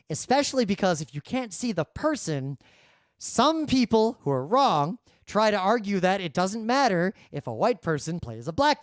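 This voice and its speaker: A man co-hosting a podcast, explaining points in a measured, explanatory way into a studio microphone. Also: high-pitched, no echo. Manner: measured, explanatory, adapts his talk for the microphone. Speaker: podcast co-host. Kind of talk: casual discussion.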